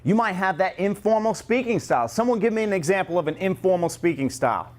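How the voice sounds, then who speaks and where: A man leading a staff training session in a room with a group, lively and joking, acting out customer lines as examples. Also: sits high, fast talker. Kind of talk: classroom training talk.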